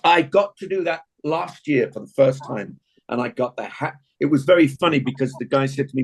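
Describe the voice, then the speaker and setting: A man's voice: medium pitch, a little fast, husky, rough recording. An older man with an English accent, teaching an acting class in a chatty, encouraging way and praising his students often.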